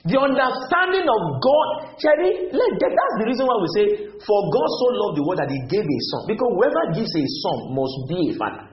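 Lively-voiced pastor preaching. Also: male voice, very high voice, a little fast, few pauses. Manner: emphatic, questioning the congregation. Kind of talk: sermon. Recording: roomy, dull church recording.

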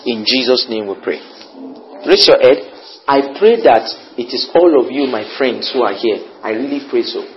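A man preaching a sermon with an altar call, animated and climbing to near-shouts. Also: mid-range voice, moderate pace, slight background noise. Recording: muffled lo-fi with faint ambience.

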